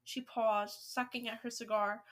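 A woman reading a children's book aloud, with steady, expressive storytelling. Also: on the high side, measured pace.

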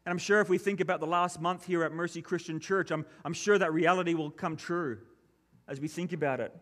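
A pastor delivering a sermon, reading scripture and then preaching in an earnest, measured way. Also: male voice, on the high side, fairly even intonation, fairly bright tone.

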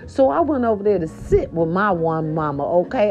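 A woman vlogger telling a chatty story to her viewers, animated and sassy, calling them "baby". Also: medium pitch, brisk. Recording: dull lo-fi sound with faint music behind. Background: faint music.

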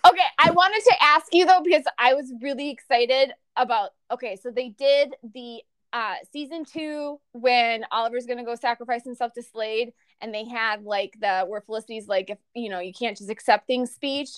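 A woman's voice: on the high side, moderate pace, few pauses, a bit bright, smooth, dry recording. A young woman co-hosting a podcast, chatting casually and animatedly, with lots of laughter and filler words. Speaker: podcast co-host. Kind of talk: casual chat.

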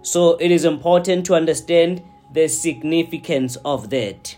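A man preaching a sermon, slow and deliberate, often checking in with his listeners. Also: on the high side, warm tone, soft background music. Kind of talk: sermon teaching.

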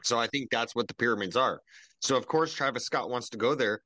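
A young man co-hosting a podcast over a video call, ranting and swearing in casual chat, jumping into loud mocking quotes. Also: medium pitch, a little fast, no echo. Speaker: podcast co-host.

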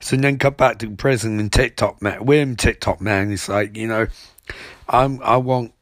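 A young man recapping a TV episode in a mocking, rambling way, tossing off quick impressions of the characters. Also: on the low side, dry recording, studio quality. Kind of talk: sarcastic comedic episode recap.

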